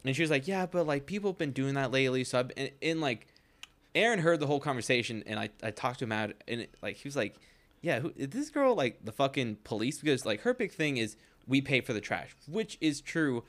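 A young man in casual podcast chat, spinning out a long, loose anecdote at an ordinary middle pitch. His talk is full of "like" and casual swearing. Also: expressive, fast talker. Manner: rambling anecdote, heavy use of "like", frequent swearing. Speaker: podcast co-host.

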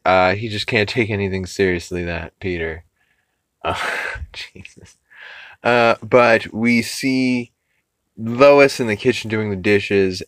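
A man's voice: lowish voice, fairly bright tone, smooth, no room sound. A man hosting a podcast who recaps a cartoon episode casually, rambling with fillers, swearing and chuckling. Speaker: podcast host.

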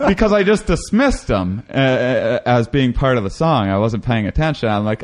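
A man talking casually in a rambling way, with many restarts, who acts out quotes in a high excited voice. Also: moderate pace, hardly any pauses. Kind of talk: casual conversation.

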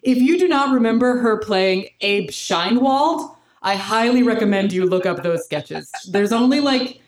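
A woman's voice: on the high side, expressive, unhurried, slight background noise. A woman co-hosting a podcast in casual chat, enthusiastic and laughing often, swearing freely. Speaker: podcast co-host. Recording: roomy echo.

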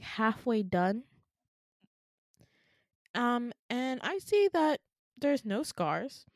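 A woman's voice: a little high, dry recording, studio quality. A young woman casually telling a dream story on a podcast, chatty and laughing often, swearing lightly and acting out the people she quotes. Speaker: podcast co-host.

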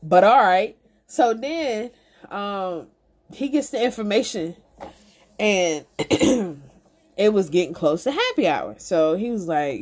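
Profane, animated woman telling a story. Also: mid-range voice, measured pace. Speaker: podcast host. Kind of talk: casual comedic storytelling.

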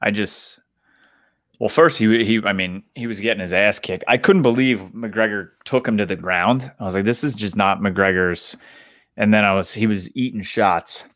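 A man co-hosting a podcast, chatting casually about sports in excitable, rambling retellings. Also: lowish voice, normal speed, no room sound, clean studio sound. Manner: excitable, rambling retellings with short agreeing replies. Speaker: podcast co-host.

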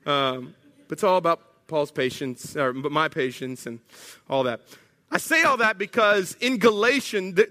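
A man preaching a sermon as pastor, telling stories with humorous asides. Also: high-pitched. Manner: animated storytelling, humorous asides. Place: church sanctuary. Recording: echoey church hall.

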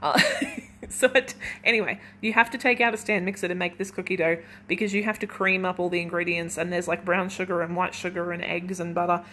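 A woman's voice: on the low side, steady tone, brisk, pushed and bright, slight background noise. Chatty young woman rambling while baking. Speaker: podcast host. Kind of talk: casual solo podcast chat. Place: at home in her kitchen while baking.

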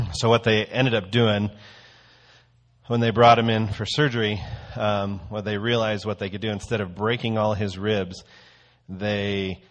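Low-voiced man giving a casual sermon. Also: flat delivery, unhurried. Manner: conversational, storytelling. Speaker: church teacher.

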